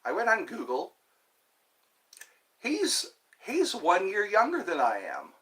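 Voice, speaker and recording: Speaking slowly in a high, pushed, bright voice with huge swings in pitch, a man in his fifties hosts a livestream alone. He rambles along, mutters to himself, and jumps between subjects.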